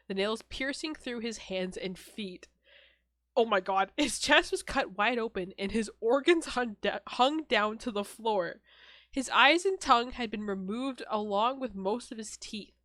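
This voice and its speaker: A young woman co-hosting a podcast reads a horror story aloud in a flat, deadpan tone, with a medium-pitched voice and no echo. She frequently breaks off to laugh and swear.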